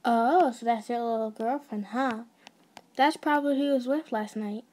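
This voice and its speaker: A woman's voice: a little high, moderate pace, a little mellow, close to an everyday voice. A woman voicing a teasing young male demon classmate, mocking and smirking, in an ASMR story.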